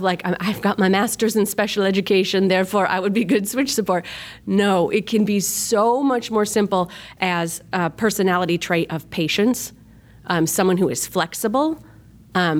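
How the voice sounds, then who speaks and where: A middle-aged woman, a guest in a podcast interview, talking in a chatty, earnest way with many fillers and acting out the voices she quotes. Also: medium pitch. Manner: emotional when telling personal stories. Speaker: guest, youth ministry leader and mother.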